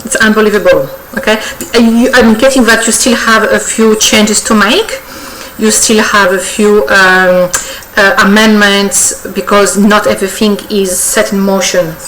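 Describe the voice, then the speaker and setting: A woman's voice: medium pitch, fairly even intonation, a little slow, hardly any pauses, fairly bright tone, rough recording. Effusive woman giving a tarot reading. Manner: effusive, coaxing, full of "okay?" check-ins and repetitions. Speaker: tarot reader. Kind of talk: weekly tarot reading addressed to viewers. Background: faint birdsong.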